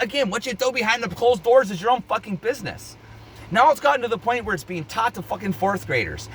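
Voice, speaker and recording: A man's voice: high-pitched, a bit bright, breathy edge. A man ranting to camera in a heated opinion vlog, angry, worked up and swearing constantly. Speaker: vlogger.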